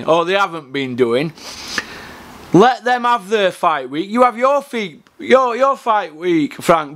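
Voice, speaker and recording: A man hosts a podcast in a blunt, sweary rant, hammering his points again and again. His voice sits high for a man. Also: bright, forceful tone. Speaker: podcast host. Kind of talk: profane boxing rant.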